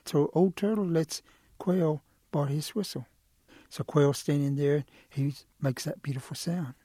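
A male storyteller recounts a folk tale, lively but unhurried. His voice sits a little high yet dark and husky, recorded close and dry. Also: no echo.

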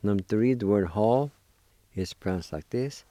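A man's voice: on the low side, animated, unhurried, warm tone, no room sound, studio quality. A man teaching a language lesson, patiently spelling and sounding out words syllable by syllable and encouraging his listeners.

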